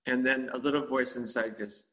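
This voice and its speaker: A man's voice: mid-range voice, steady tone, fairly quick, pushed and bright. A man teaching meditation in a dharma talk, speaking in a rambling, conversational way with frequent chuckles.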